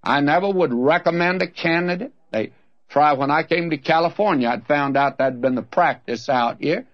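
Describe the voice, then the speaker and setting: A man's voice: on the high side, moderate pace, no room sound. An older man preaching a radio Bible sermon, earnest and folksy, pleading with his listeners. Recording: dull, dry lo-fi old radio recording.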